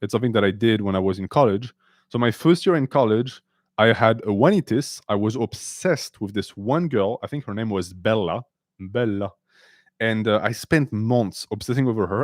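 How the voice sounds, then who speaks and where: A sarcastic, blunt man hosts a casual live stream, taking viewer questions in a mix of English and French. He talks at a moderate pace in a lowish voice, and the studio-quality audio has no echo.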